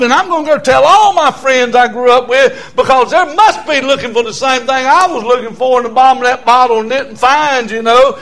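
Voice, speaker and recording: High-voiced Southern preacher in his sixties. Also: normal speed, hardly any pauses. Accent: Southern American. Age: 60s. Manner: animated, swings from quiet storytelling to near shouting, chuckles often. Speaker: preacher giving his testimony. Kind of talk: testimony sermon.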